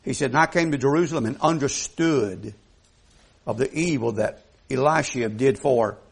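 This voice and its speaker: A man's voice: mid-range voice, moderate pace, creaky, slightly rough. A man preaching a sermon in a folksy, emphatic way, putting questions to the congregation.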